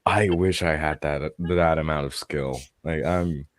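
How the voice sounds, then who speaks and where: Very deep, slow-talking guy. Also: fairly even intonation, no echo, clean studio sound. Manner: laughs often, stammers and restarts, swears. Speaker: player on a tabletop game stream. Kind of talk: casual chat.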